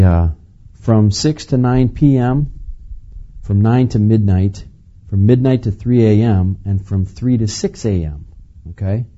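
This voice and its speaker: A man preaching a sermon in a relaxed, conversational way, chuckling now and then and asking the listeners questions. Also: on the low side, highs cut off. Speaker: pastor.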